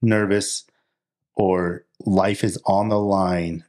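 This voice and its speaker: Man, very deep voice, casual podcast chat, rambling, restarts, acts out thoughts. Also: fairly even intonation, takes it slowly, a little mellow. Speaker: podcast co-host. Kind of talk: casual conversation.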